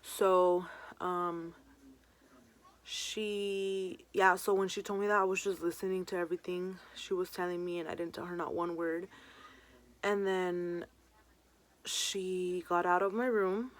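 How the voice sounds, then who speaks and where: A woman's voice: lowish voice, fairly even intonation, unhurried. A young woman vlogger telling a personal story in a casual storytime, full of "um" and "like". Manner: chatty, many fillers like "um" and "like".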